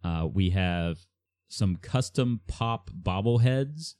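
A man's voice: on the low side, expressive, slow pace, darkish tone, no room sound. A man co-hosting a casual podcast, reading out quiz items with many hesitations. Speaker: podcast co-host running a quiz. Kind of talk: casual chat.

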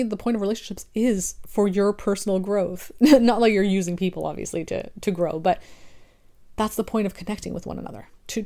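A woman's voice: lowish voice, mellow. A young adult woman, an online creator, talking through her thoughts in a casual, rambling monologue full of restarts.

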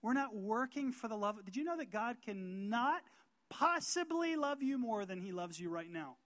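Male pastor from North Carolina, emphatic preacher who leans on slow stressed words and questions to the room. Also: high-pitched, expressive, a bit bright. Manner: emphatic, asks the congregation rhetorical questions, slows down to stress words. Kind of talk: sermon.

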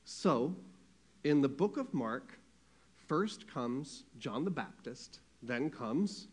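A man preaching a sermon, asking his congregation questions and swinging between loud emphasis and hushed, quiet passages. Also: medium pitch, lively intonation, slow, husky. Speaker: pastor.

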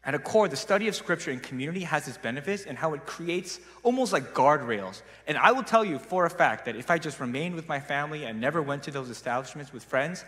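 Raised-voice storyteller preaching in a reverberant hall. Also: male voice, on the high side, fast talker, hardly any pauses. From South Korea. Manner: animated storytelling, casual and self-mocking. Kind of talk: sermon. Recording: long reverb of a large hall.

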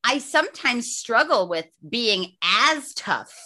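A woman's voice: a little high, big pitch swings, slow pace, pushed and bright. A woman hosting a podcast interview, blunt and enthusiastic, swearing freely as she chats. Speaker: podcast host. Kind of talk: casual interview chat.

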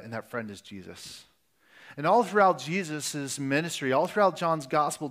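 A man's voice: on the high side, fairly bright tone. A man preaching a sermon as pastor, speaking earnestly and sometimes restarting his phrases. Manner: earnest, with restarts and varying emphasis.

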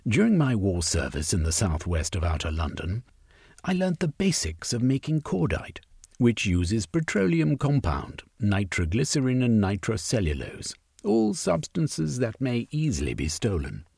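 A man's voice: lowish voice, wildly swooping pitch, measured pace, vocal fry, darkish tone, husky, no room sound, clean studio sound, voice pushed up, full character voice. A man voicing a stubborn, scheming male political agitator who ends his points with a questioning eh in an audiobook story. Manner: tags statements with a questioning eh.

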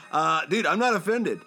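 A young man talking casually on a podcast in a bright, forceful voice that jumps all over in pitch. He gets animated and swears freely, playing out lines from movies as he goes. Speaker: podcast co-host. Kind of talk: casual chat.

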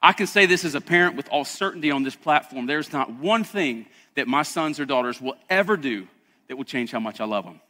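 Pastor, male, bright, forceful delivery, talky and emphatic sermon style, echo of a big hall. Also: fairly high pitch, animated, brisk. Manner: emphatic, conversational preaching.

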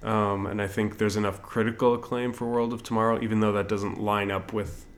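A man in a casual awards chat, arguing his predictions in a measured way with frequent hedges. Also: lowish voice, level tone. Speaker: podcast co-host.

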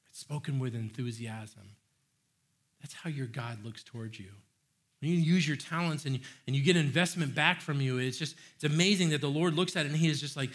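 A man preaching a sermon as pastor, animated and earnest, acting out excited praise and restarting his phrases. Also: a little high, moderate pace. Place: church.

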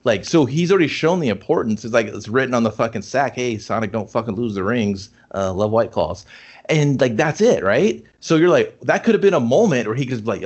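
A man's voice: mid-range voice, lively intonation, brisk, darkish tone, slightly rough. A man in casual chat reviewing a movie, rambling and profane, acting out scenes. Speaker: podcast co-host reviewing a movie.

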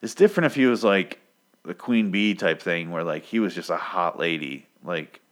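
A man's voice: sits low, lively intonation, normal speed, a bit bright. A man casually recapping a comic story in a profane, sarcastic way. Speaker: podcast host recapping a comic. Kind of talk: casual chat.

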